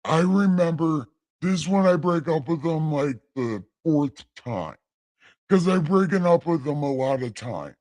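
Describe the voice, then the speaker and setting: A man's voice: fairly high pitch, lively intonation, a little slow, darkish tone. A man casually reading the Bible aloud on a late-night livestream, irreverent and rambling, stumbling over lines and swearing as he goes.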